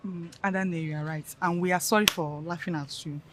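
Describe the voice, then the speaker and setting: A woman's voice: on the low side, fairly even intonation, a little fast, a bit bright, natural voice. An actress with a Nigerian Pidgin accent playing a sly young village woman who teases and coaxes the others into a plot. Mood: amused. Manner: teasing, laughing, conspiratorial.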